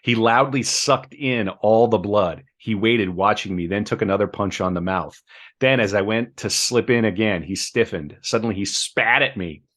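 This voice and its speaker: A man reading book passages aloud on a podcast, measured, with chatty asides between. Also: fairly low pitch, a bit bright.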